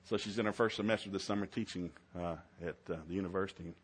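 A man's voice: low-pitched, fairly even intonation, quick pace, breathy edge. A middle-aged man, preaching a sermon in a folksy storytelling way. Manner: folksy storytelling, swings to loud shouted preaching. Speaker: pastor.

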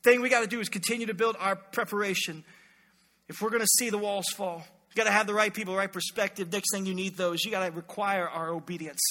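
High, bright-voiced preacher in an echoey hall. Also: male voice, fast. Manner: animated, joking, voices characters in quotes. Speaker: pastor. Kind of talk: sermon.

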